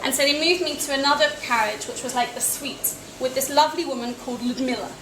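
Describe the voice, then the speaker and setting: Young English woman, high voice, dry self-mocking storyteller at a cafe event, roomy and noisy. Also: quick pace. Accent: British English. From England. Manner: wry, self-deprecating, with small laughs. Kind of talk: personal travel story told to an audience. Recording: echoey cafe with noisy ambience.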